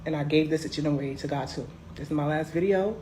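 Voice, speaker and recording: A young woman telling a personal story in a casual, animated, sassy way. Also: low-pitched, quick pace, slight background noise. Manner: animated, sassy, emphatic swings.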